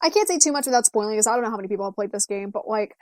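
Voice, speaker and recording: A woman's voice: medium pitch, expressive, very fast, a little mellow, no echo, studio quality. A woman co-hosting a casual gaming podcast, giggly and playful. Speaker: podcast co-host.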